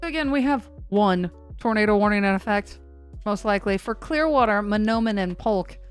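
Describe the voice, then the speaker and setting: The woman's voice is medium in pitch, expressive and clean, moving a little fast. She's hosting a severe-weather livestream, chatting casually, wandering off topic, and joking at her own expense as she responds to the chat, while a faint looping song plays softly underneath.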